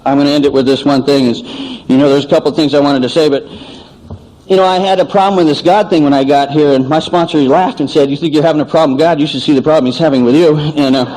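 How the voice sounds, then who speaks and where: Fast-talking man sharing at a meeting. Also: a little high, poor audio. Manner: animated storytelling, acts out dialogue. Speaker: AA speaker. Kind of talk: recovery meeting share. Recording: old cassette tape recording.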